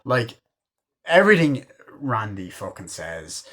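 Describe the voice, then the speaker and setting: A man's voice: fairly low pitch, lively intonation, a little fast, fairly bright tone. A man in his twenties reviewing a movie in a casual, rambling way, full of filler words and casual cursing. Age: 20s.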